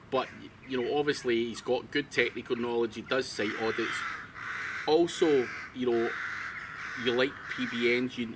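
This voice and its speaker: A man's voice: mid-range voice, recorded from a distance, background noise. A man hosting a casual interview, friendly and teasing in a loose way. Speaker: host.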